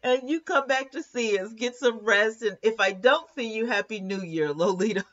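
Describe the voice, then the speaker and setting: A woman with a slightly high, somewhat bright voice hosts a live commentary stream at a normal pace, chatting casually, laughing often, and reading viewer comments aloud. The recording sounds muffled.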